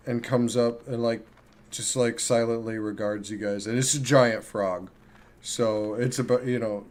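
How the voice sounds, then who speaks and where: A man's voice: mid-range voice, darkish tone. A man narrating a tabletop game as game master, describing scenes loosely with many fillers.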